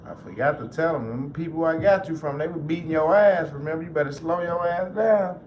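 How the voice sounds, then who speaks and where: A man's voice: a little high, a little fast, dull audio. A man hosting a casual livestream, joking loosely and swearing freely as he talks to viewers. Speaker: livestream host. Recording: roomy echo with faint noise.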